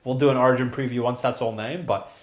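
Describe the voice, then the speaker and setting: A man's voice: medium pitch, steady tone, quick pace. A man co-hosting a sports podcast, breaking down games with blunt, profane chat. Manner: blunt, profane, chatty analysis. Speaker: podcast co-host. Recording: roomy echo.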